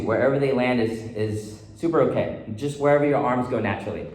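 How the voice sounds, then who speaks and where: A man's voice: medium pitch, a little fast, hardly any pauses. A man teaching dance choreography, counting beats and calling out steps in rhythm. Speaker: dance instructor. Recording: echoey room with faint noise.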